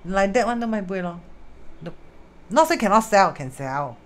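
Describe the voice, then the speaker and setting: A feng shui teacher with a Singaporean English accent chats casually on a live stream, sprinkling in Hokkien and Mandarin words and greeting viewers mid-explanation. Her voice is medium in pitch, with lively intonation and a moderate pace.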